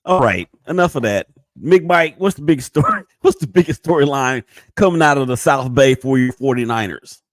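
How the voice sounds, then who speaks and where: A man hosting a sports podcast, jokey and quick to move the talk along. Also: mid-range voice, lively intonation, dry recording. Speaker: podcast host. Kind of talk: casual sports chat.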